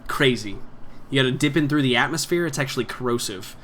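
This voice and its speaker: A man's voice: mid-range voice, fast talker, a bit bright, slight background noise, lightly acted. Unimpressed woman mechanic, dry and curt; male game master doing her. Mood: matter-of-fact. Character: blunt, deadpan woman ship mechanic.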